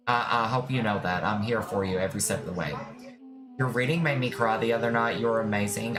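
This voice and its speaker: Affectionate streamer doing tarot readings, music behind. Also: medium pitch. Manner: affectionate, reassuring, calls viewers "my love". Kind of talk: casual live-stream chat.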